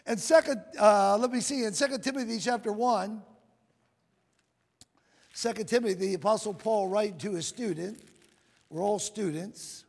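A man preaching a sermon, calling out to the congregation and reading scripture in a slow, drawn-out cadence. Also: high voice, gravelly. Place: church sanctuary. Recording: long reverb of a large hall.

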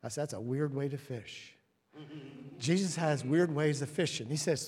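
Man preaching, husky voice, drops to a whisper then booms, long hall echo. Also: moderate pace. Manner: swings from hushed whispers to loud emphatic lines; storytelling, acts out quoted voices. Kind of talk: sermon. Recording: long reverb of a large hall.

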